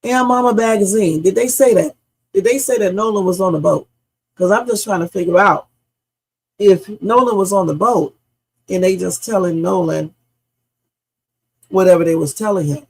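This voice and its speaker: A woman hosts a live reaction stream with a gravelly edge to her voice. She fires question after question at her chat, heated and blunt, and curses without holding back. The tone stays husky throughout. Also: mid-range voice, normal speed, long pauses, darkish tone. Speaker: livestream host.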